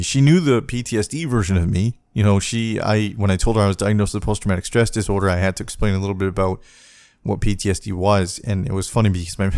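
A man hosting a personal podcast, talking in a halting, reflective way with many restarts. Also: fairly low pitch, a little mellow, no echo. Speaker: podcast host.

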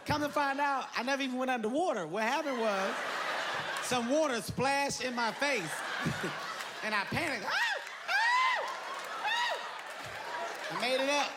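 A man doing stand-up comedy, telling an animated story and acting out voices, laughing as he goes. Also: very high-pitched, moderate pace. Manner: excitable, animated, breaks into laughter, acts out voices. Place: large venue with live audience. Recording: live show with loud crowd noise.

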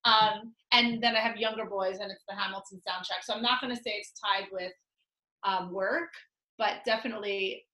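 A woman's voice: mid-range voice, fairly even intonation, normal speed, pushed and bright, echoey room, poor audio. A middle-aged woman with a nasal voice, a divorce lawyer and coach answering interview questions in a chatty, upbeat way, laughing often and using many fillers.

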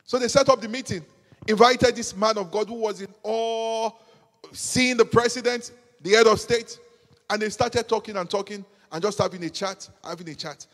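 A man's voice: high voice, normal speed, fairly bright tone. A man. He is emphatic, repeats his phrases and climbs to fervent peaks. His voice rings with the long reverb of a large hall. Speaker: preacher. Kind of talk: sermon.

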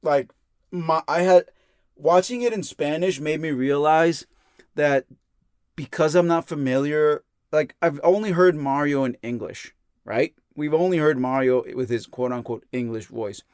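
A young man co-hosts a gaming podcast with a slightly high voice. He works through his thoughts out loud, hedging and restarting as he goes. The sound is dry and close. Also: unhurried, smooth, dry recording. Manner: thinks aloud, hedging and restarting. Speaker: podcast co-host. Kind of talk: casual chat.

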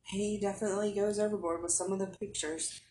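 A woman's voice: medium pitch, steady tone, a little fast, warm tone, slight background noise. A woman guest on a casual podcast interview, telling her stories in a wry, matter-of-fact way.

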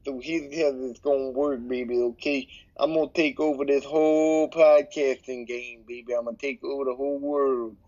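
A man's voice: mid-range voice, little pitch movement, normal speed, darkish tone, muffled recording. A man leaving a cocky, brash question for a podcast as a voice message. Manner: cocky, brash, keeps saying baby. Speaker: listener sending a question. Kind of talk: casual recorded voice message.

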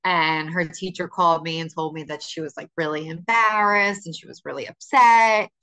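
A woman's voice: lowish voice, fairly even intonation, normal speed, sharp tone, smooth. A woman co-hosting a podcast, chatting casually and telling stories with frequent laughter. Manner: chatty storytelling, laughing often. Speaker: podcast co-host. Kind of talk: casual chat.

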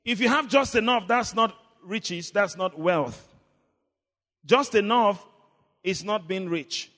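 A man preaching a sermon, leading the congregation in call and response, swinging between shouts and low murmurs. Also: slow, big-room sound. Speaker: pastor.

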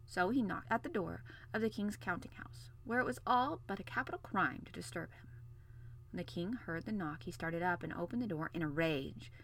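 A woman's voice: on the low side, normal speed, a bit bright, a little hiss or hum. A woman hosting a podcast, reading a classic novel chapter aloud. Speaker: podcast host and reader.

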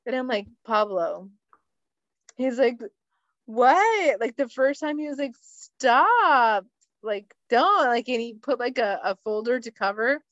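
A woman co-hosting a podcast, telling loose stories and swearing often as she laughs through them. Her voice sits fairly high, and the sound is dry and a little muffled. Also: fairly even intonation, fairly quick, few pauses, no room sound. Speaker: podcast co-host. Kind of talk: casual chat.

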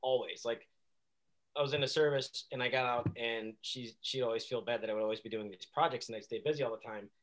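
A man chatting as a guest on a casual podcast, telling stories in an animated way with frequent laughs. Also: medium pitch, quick pace, low-quality recording. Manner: animated storyteller who laughs often and slips into voices.

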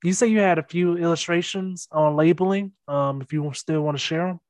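A man's voice: fairly high pitch, a little fast, darkish tone. A man from South Carolina, a comedian hosting a podcast, chatting casually and cracking jokes. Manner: joking, easygoing. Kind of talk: casual chat.

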